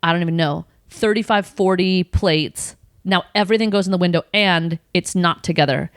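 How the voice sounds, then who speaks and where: A woman guest telling a story in casual chat, animated and swearing freely. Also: lowish voice, moderate pace, no room sound, clean studio sound. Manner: animated, swears freely, acts out her own quoted outbursts. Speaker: podcast guest.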